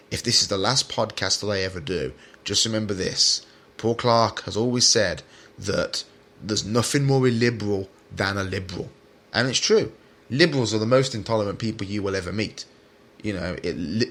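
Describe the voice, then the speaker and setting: A man's voice: fairly low pitch, sharp tone. A man hosting a solo podcast, talking in a rambling way with many fillers and restarts, turning sarcastic at times. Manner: sarcastic when mocking critics. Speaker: podcast host.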